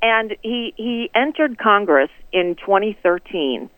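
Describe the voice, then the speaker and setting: A woman from Florida on a phone call, telling stories about local politics in a sarcastic, animated way. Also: mid-range voice, slow pace, dry recording. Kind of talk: casual political phone chat. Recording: tinny phone line.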